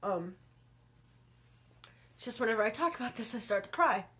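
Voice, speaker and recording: A young woman talking to her camera in her bedroom, telling an emotional story slowly and haltingly while fighting back tears. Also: fairly high pitch, expressive, bright, forceful tone. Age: young adult. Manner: halting, slow, many pauses and fillers. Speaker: vlogger.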